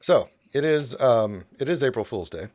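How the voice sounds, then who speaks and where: A man co-hosting a casual chat show, relaxed and rambling with fillers. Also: mid-range voice, normal speed. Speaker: co-host.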